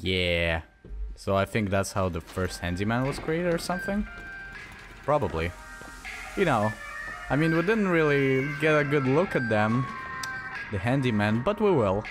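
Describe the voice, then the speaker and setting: A man talks through a shooter game, his voice leaping around from mutters to high, frustrated yells. He swears freely, and game music plays behind him. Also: unhurried, pauses often. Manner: excitable, swearing, yelling at enemies. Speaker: gaming channel host. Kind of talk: let's play commentary.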